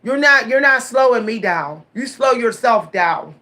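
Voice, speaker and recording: A woman in her forties telling stories straight to her viewers in a casual vlog, animated, repeating her words and laughing often. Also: fairly high pitch, measured pace. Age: 40s. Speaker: vlogger.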